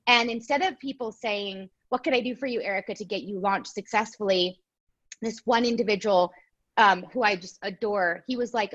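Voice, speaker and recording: A woman shares stories in a relaxed conversation. She jumps into little acted-out quotes and tells them with lively energy. Her audio sounds somewhat dull and lo-fi. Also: mid-range voice, normal speed. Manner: animated storyteller, quotes others in voices. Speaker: guest. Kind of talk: casual chat.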